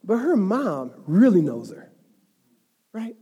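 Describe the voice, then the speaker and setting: High-voiced man preaching in a big echoing hall. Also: very animated, slow, warm tone, breathy edge, dull audio. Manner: conversational, rising to emphatic passion. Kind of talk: sermon. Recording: long hall reverb.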